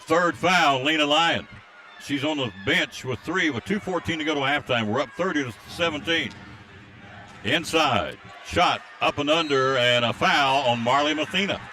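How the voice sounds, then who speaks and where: A man calls a high school basketball game play by play from courtside, with faint crowd noise behind him. He reads out scores and listener greetings and gets rapid and excited during fast plays.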